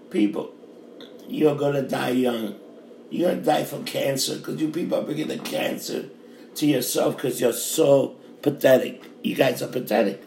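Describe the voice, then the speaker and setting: A man's voice: medium pitch, gravelly, darkish tone. A middle-aged man with a New York accent, a bar worker, delivering a fiery, profane, repetitive rant. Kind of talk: ranting monologue. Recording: roomy with faint background noise.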